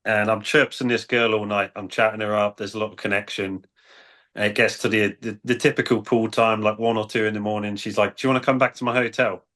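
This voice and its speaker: A man's voice: on the low side, flat delivery, a little fast, a bit bright. A man with a British accent, a dating coach, telling cheeky stories in a matter-of-fact way. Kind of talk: casual storytelling on a panel.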